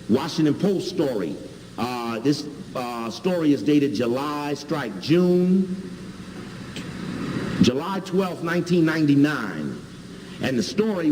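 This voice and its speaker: A man's voice: a little high, darkish tone, slight background noise. A man from Chicago giving an emphatic lecture with video clips, spelling out and repeating key words. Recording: hall reverb, faint ambience.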